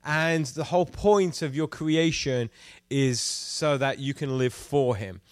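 A man's voice: on the high side, takes it slowly, smooth, no echo. Man, British accent, youth pastor, sermon, playful and teasing, quizzes the crowd, dry close sound. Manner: interactive, prompting the crowd to answer.

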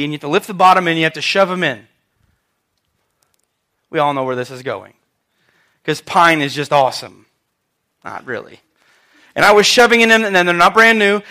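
A man preaching a sermon, telling a story with lively asides and questions to the congregation. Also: sits high.

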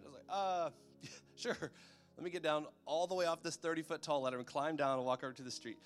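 A man's voice: on the high side, a little fast, faint music behind. A man preaching a sermon in a loose, conversational way, often checking in with his listeners.

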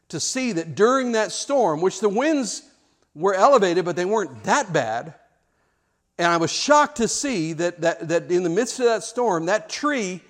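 A man preaching a sermon, telling stories with restarts and rhetorical questions. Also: sits high. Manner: storytelling with repeated words and rhetorical questions. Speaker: pastor.

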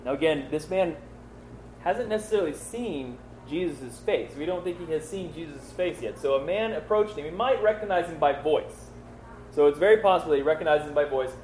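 A male Bible teacher talks through scripture in a loose, conversational way, often asking "you know?" and "right?". His voice sits a little high for a man, and the recording is echoey with faint ambience behind it. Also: animated, moderate pace, darkish tone, slight background noise. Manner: conversational, many fillers and rhetorical questions.

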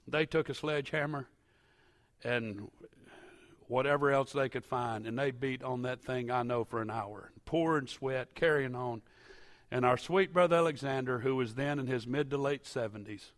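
A pastor with a mid-range voice preaches a sermon in a church. He tells stories and sometimes rises into loud, impassioned shouting.

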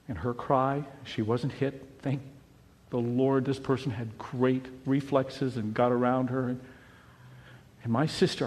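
Animated man preaching in a reverberant hall. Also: mid-range voice. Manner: animated preaching, swinging between hushed and shouting. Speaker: pastor. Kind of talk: sermon.

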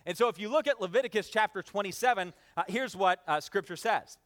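An energetic man delivers a sermon from the pulpit in a notably high voice. He works the congregation with call-and-response phrases. His delivery stays loose and spoken, with frequent "uh" fillers. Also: a little fast. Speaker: pastor.

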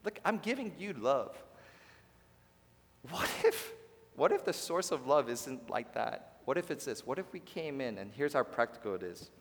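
A man's voice: medium pitch, sing-song, normal speed. Man preaching in an echoing church. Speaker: pastor. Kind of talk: sermon. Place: church sanctuary. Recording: long reverb of a large hall.

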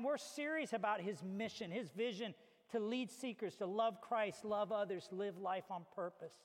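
A man preaching a sermon as a pastor, telling stories with animated acted-out little scenes. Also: sits high. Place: church hall. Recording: reverberant hall.

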